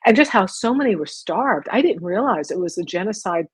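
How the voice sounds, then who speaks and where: A woman hosting a podcast who asks eager questions in quick, restarting bursts. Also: mid-range voice, lively intonation, husky, no echo, low-quality recording. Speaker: podcast host. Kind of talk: casual interview chat.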